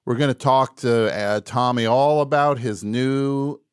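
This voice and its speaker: A man hosting a live call-in radio show, wry and mock-boastful, dropping to quiet mumbles and rising to shouts. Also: mid-range voice, fairly even intonation, a little slow, clear, resonant tone, dry recording, clean studio sound.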